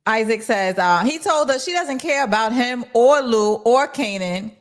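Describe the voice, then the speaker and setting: A woman's voice: fairly high pitch, animated, a little slow. A woman co-hosting a live TV recap stream, speaking candidly and swearing freely. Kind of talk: casual live chat.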